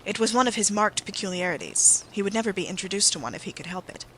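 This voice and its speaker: An audiobook narrator voices a bitter, earnest Victorian secretary with solemn, emphatic intensity, using a bright, forceful, medium-pitched tone with lively intonation and a fast pace. The audio is poor, with a faint hiss beneath the voice.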